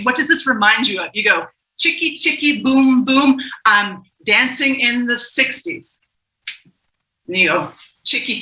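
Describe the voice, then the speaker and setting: A woman leading a playful group warm-up game on a video call, laughing often and calling on people by name. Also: mid-range voice, echoey room, low-quality recording.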